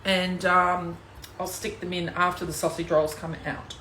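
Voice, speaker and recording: A little slow and level, her fairly low voice sounds pushed and bright against reverb and a faint hiss or hum. She has an Australian accent and, as a cooking demonstrator and team leader, chats to viewers while she works during a live cooking stream at home.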